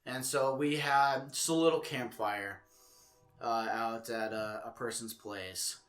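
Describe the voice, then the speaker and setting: A man's voice: medium pitch, fairly even intonation, slow, a bit bright, faint music behind. A young man co-hosting a podcast in casual chat, telling stories loosely, laughing and swearing. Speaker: podcast co-host.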